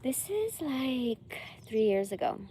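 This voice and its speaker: A woman's voice: sits high, big pitch swings, slow pace, warm tone, slight background noise. A woman vlogger chatting casually to her viewers, swearing freely and breaking into laughter. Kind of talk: casual chat to camera.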